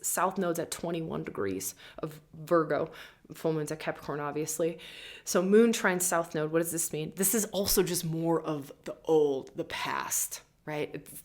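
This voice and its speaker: A woman in her forties giving a casual, fervent spiritual talk on astrology. She swears freely and keeps asking "right?". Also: sits low. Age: 40s. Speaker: astrologer and membership host.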